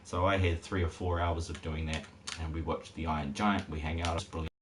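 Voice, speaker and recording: A man's voice: extremely low pitch, fairly even intonation, brisk. A man who is a parent, streaming a game and rambling casually with jokey asides to his chat. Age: adult parent. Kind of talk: casual live-stream commentary. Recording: noisy background hiss.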